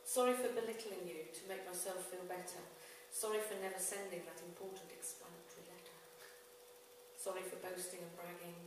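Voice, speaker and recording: A fairly low-voiced woman hosts a live poetry night, chatting loosely before launching into rhythmic, emphatic recitation. She is recorded from well across a very echoey room, with clear background noise. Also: steady tone. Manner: casual and halting between poems, rhythmic and emphatic when reciting. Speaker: poetry event host. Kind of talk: live spoken-word poetry and compering. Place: live event venue. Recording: echoey room, far from the mic, audible noise.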